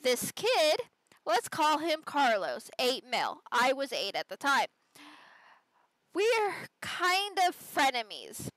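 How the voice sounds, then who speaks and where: A woman reads an online story aloud for a podcast, chatting through it and adding her own asides. Her voice sits high and she takes her time with each line. The sound is close and dry, with no room around her. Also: a bit bright, dry recording, poor audio. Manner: conversational storytelling with side comments. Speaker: podcast host. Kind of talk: reading a Reddit story aloud.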